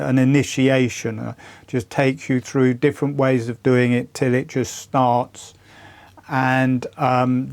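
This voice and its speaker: Slow, earnest older male breathwork teacher. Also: mid-range voice, a little mellow. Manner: slow, earnest, evangelical about his method. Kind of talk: unscripted teaching talk with demonstration.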